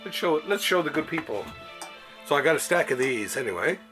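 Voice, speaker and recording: Guy rambling about comics at home, lots of laughing and restarts, soft music behind. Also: on the high side, very animated, brisk. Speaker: show host. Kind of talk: casual chat about comic books. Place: home library room.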